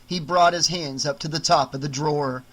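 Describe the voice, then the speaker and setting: A man narrating an unabridged audiobook in a measured, dramatic storytelling way. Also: fairly high pitch, steady tone, poor audio.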